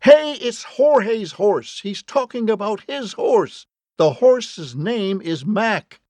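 A man voicing a wry, fatalistic man handcuffed to a flagpole, sardonic and exasperated, with a gravelly, husky voice. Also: mid-range voice, very animated, normal speed, no room sound, exaggerated voice. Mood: shouting.

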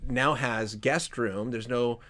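A man's voice: mid-range voice, slow, a bit bright. A man hosting a casual interview, asking long, thoughtful questions with some hesitation. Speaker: podcast host.

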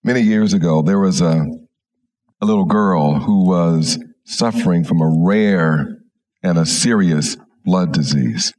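A middle-aged man, a minister, telling a story slowly and gently in a sermon. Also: low voice.

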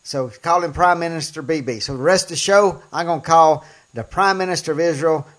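An older man with a Southern US accent hosting a political talk show, speaking emphatically in a folksy way and getting louder on key points. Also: on the high side, a little fast. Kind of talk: political commentary monologue.

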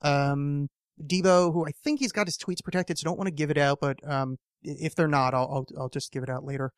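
A man's voice: a little high, fairly even intonation, a little fast, no room sound, clean studio sound. A man hosting a casual solo podcast, rambling and swearing often, with lots of fillers and restarts. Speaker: podcast host.

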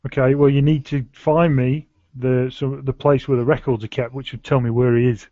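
A man's voice: medium pitch, level tone, dark tone, no room sound. Eager male player, dry lo-fi sound. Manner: quick, eager, repeats words. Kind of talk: casual tabletop play. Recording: dull dry lo-fi recording.

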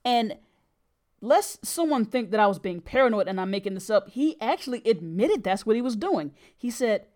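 A woman's voice: mid-range voice, expressive, normal speed, darkish tone. A middle-aged woman hosting a podcast, telling a personal story in an earnest, emphatic way. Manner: earnest and emphatic, with brief laughs.

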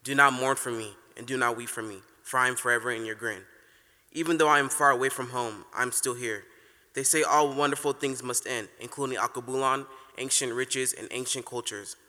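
A man's voice: mid-range voice, steady tone, a little fast, bright, forceful tone. A teenage boy performing a solemn spoken word poem on stage. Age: teens. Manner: solemn, declamatory. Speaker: youth slam poet. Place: theater stage. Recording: long reverb of a large venue.

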